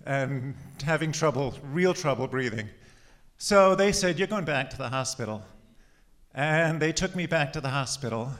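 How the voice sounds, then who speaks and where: With a mid-range, somewhat bright voice, a slightly winded man in his forties shares his personal history with an audience. The delivery is casual storytelling punctuated by laughter and pauses.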